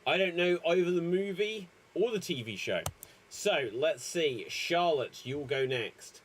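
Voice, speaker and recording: Man, improv host, high lively voice, slow dry announcing. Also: a little hiss or hum. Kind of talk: hosting a comedy improv show.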